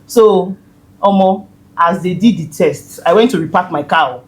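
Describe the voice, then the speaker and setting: A woman's voice: on the low side, a little slow, low-quality recording. A woman in her thirties with a Nigerian accent, telling a personal story in casual chat and slipping into pidgin. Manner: animated, switches into pidgin, lively acted quotes. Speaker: podcast guest.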